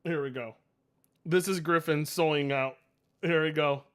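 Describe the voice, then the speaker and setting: A man in his late twenties reacting to clips on a live stream, excitable, laughing often and swearing. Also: on the high side, a little slow, clean tone. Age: 20s.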